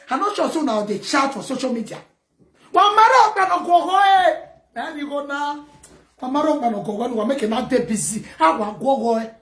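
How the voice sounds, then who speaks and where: Nigerian woman vlogger, high-pitched, scolds her audience in Pidgin, roomy sound. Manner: loud, scolding, mixes Pidgin and local words. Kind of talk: ranting commentary to camera.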